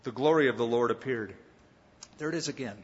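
A man pastor preaching a conversational Bible teaching, with dramatic pauses and voiced quotes. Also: medium pitch. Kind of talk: sermon. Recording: dull lo-fi sound with long hall reverb.

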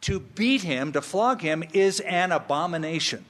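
Slow, emphatic preacher in a reverberant hall. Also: male voice, a little high, lively intonation, a bit bright. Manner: slow, emphatic, with playful asides. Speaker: pastor. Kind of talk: expository sermon.

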